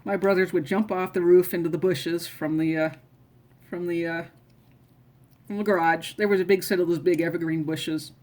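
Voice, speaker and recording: A woman's voice: on the low side, steady tone, moderate pace, darkish tone. A middle-aged woman casually telling family stories, rambling and often restarting her sentences. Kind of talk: casual personal storytelling.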